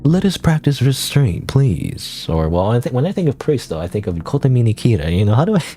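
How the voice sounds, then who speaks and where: Self-mocking male streamer; lively pitch, mellow tone. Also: rapid-fire. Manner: rambling, self-deprecating asides with laughs. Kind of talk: let's-play commentary.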